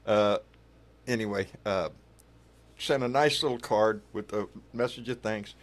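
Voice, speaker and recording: A man's voice: lowish voice, measured pace. A man hosting a casual livestream, loose and profane, calling his viewers baby. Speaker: livestream host.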